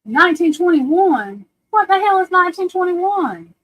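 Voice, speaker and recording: A woman's voice: extremely high pitch, sing-song, measured pace, a bit bright, low-quality recording. A woman, hosting a casual livestream at home, chatty and self-deprecating, talking to viewers and her computer. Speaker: livestream host.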